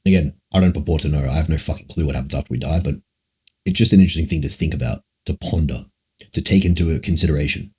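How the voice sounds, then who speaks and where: A man with a very deep, dark voice and a husky edge answers chat questions on a casual livestream. He rambles and muses, swearing freely as he thinks aloud. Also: quick pace. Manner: rambling, musing, frequent swearing.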